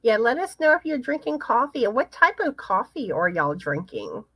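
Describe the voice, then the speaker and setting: A woman hosting a casual live chat, reading viewer comments aloud in an unhurried way. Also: fairly high pitch, sing-song, a bit bright, husky, dry recording. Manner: chatty, unhurried, pauses to read comments. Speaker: livestream host. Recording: slightly muffled, dry sound.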